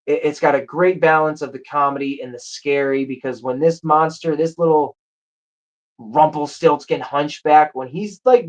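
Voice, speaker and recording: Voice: medium pitch, poor audio. A show host chatting casually and enthusiastically about a movie, rambling with frequent restarts. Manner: rambling, enthusiastic, with self-corrections. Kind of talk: casual chat.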